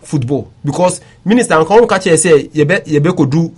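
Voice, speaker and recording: A man's voice: a little high, lively intonation, moderate pace, a little mellow, slightly rough. A Ghanaian man hosting a sports talk show, arguing insistently and repeatedly calling his co-host by name. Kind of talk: heated sports talk chat.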